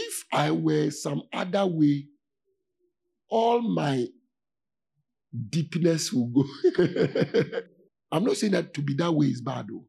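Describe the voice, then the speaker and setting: A pastor delivers a conversational, informal sermon in a husky, creaky voice that runs on the high side with a dark tone. He keeps pausing to ask "do you see?" to check his listeners are following, and he laughs along the way.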